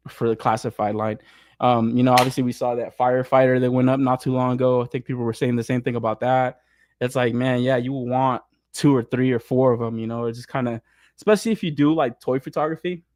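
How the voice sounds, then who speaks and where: Young male host, loose and swearing, laughs through his rants; mid pitch, dry sound. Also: darkish tone, dry recording. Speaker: podcast host. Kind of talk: casual chat.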